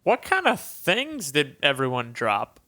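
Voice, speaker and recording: A man's voice: a little high, huge pitch swings, a little slow, bright, forceful tone. A man playing a tabletop game, playful and giggly. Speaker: player.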